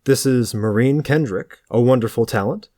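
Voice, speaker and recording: A man's voice: medium pitch, normal speed, dark tone, dry recording, clean studio sound, pitched above the performer's own voice, close to an everyday voice. Mister Mago, a man doing a sleazy host. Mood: smug.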